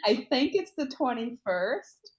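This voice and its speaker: A woman's voice: fairly high pitch, slow, lo-fi sound. Giggly young woman co-hosting a podcast. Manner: giggly, deadpan banter. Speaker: podcast co-host. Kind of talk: casual chat.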